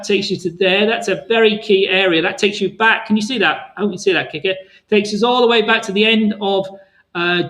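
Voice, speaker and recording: A man with a high voice hosts a live trading Q&A, talking viewers through charts in a loose, rambling, friendly way. His voice sounds a little worn from long talking. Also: fairly bright tone, poor audio. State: voice tiring. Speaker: trading webinar host.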